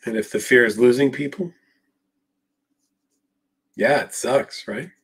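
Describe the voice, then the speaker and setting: Brief: husky-voiced male psychologist on a live Q&A, casual and emphatic, middle pitch. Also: slow, fairly bright tone. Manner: emphatic, talks straight to viewers by name. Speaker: psychologist answering viewer questions.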